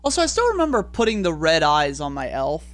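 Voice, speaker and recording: A young man streaming a video game live, talking in an excited, rambling way and swearing freely. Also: fairly high pitch, a little fast. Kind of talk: live gameplay commentary.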